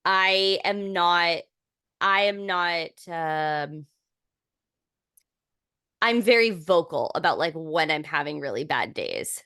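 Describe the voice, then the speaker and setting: Low-voiced chatty young woman, dry sound. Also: takes it slowly, long pauses, smooth, no echo. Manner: chatty, filler-heavy, many restarts, animated when amused. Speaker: podcast co-host. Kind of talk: casual chat.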